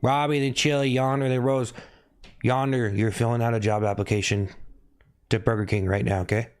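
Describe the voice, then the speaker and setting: A young man hosting a live stream and chatting loosely with his viewers. He teases them by name, says the same jab over and over, and drifts into mumbling asides. His voice sits at an ordinary pitch for a man. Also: steady tone, moderate pace. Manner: teasing, repeats himself, calls out chat names. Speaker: livestream host. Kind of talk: casual livestream chat with viewers.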